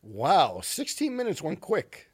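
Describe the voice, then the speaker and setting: A man's voice: fairly high pitch, wildly swooping pitch, slow, slightly rough. A man co-hosting a podcast in casual chat, teasing the others and joking around. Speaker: podcast co-host.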